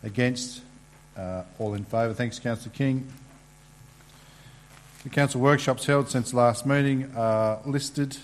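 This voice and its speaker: A man chairing a council meeting, reading procedural items in a halting way with many fillers. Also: medium pitch.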